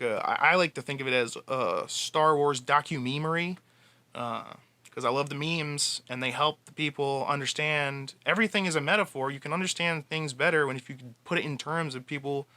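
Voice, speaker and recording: A man's voice: on the high side, pushed and bright, no room sound. A man giving a casual fan monologue, passionate and rambling, with frequent restarts. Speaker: fan commentator.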